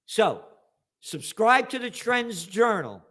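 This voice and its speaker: High-pitched and a bit bright, this American host in his seventies talks slowly with big pitch swings and a New York accent. His commentary monologue is blunt, combative, and full of profanity.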